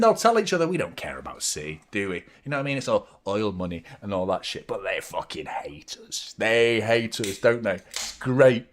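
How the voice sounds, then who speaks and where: A young adult man hosts a football watchalong live stream, talking casually to his viewers. He rambles and swears freely, reading out chat comments as he goes. His voice sits mid-range in pitch and sounds drained. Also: fairly bright tone.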